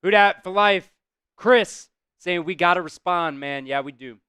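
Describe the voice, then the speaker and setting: A man hosting a live stream, calling plays casually, reacting loudly, swearing and talking to his chat. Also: sits high, measured pace, clean tone, no echo, studio quality. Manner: excitable, swears, talks to chat. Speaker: host doing live play-by-play.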